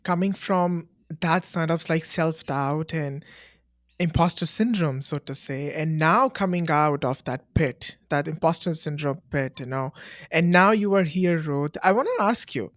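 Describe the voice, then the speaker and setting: A woman's voice: low-pitched, measured pace, no room sound, clean studio sound. A woman hosting a podcast interview, encouraging and full of affirming responses. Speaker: podcast host. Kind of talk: interview conversation.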